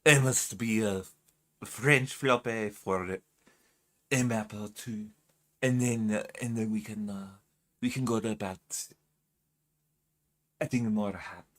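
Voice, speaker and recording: A man's voice: on the low side, slow pace, long pauses. A man streaming a video game who chats casually and playfully with his viewers, laughing often. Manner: giggly, playful, talks to chat. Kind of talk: casual live-stream chat.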